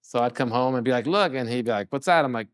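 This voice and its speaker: A man's voice: medium pitch, fast talker, clear, resonant tone, dry recording, studio quality. A middle-aged man from California, a chef and guest on an interview show, telling stories casually and acting out dialogue. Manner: animated storyteller, often acts out quoted dialogue. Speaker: chef and restaurant owner, guest.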